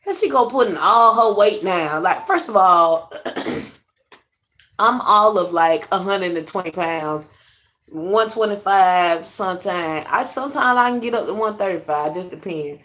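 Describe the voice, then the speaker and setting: A woman's voice: mid-range voice, lively intonation, a little slow, fairly bright tone. Blunt young woman venting on camera. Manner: blunt, profane, rambling storyteller; addresses viewers directly. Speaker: vlogger.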